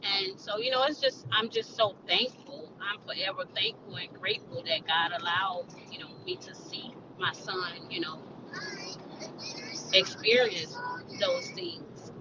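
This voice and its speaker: A middle-aged woman speaking as a panel guest, slow and reflective with many fillers, over a video call. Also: medium pitch, very animated. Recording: distant lo-fi mic with noise.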